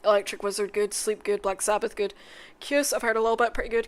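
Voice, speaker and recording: A woman making a casual music tier list, swearing often, mumbling asides and bursting into loud excited outbursts. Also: mid-range voice, quick pace. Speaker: content creator.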